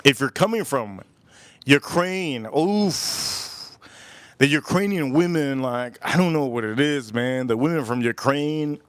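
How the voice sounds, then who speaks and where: This Miami cigar-review livestreamer speaks in a mid-range voice at a moderate pace, slightly bright and clean, recorded dry. His talk is loose, rambling chat where he repeats himself and performs the voices of anyone he quotes.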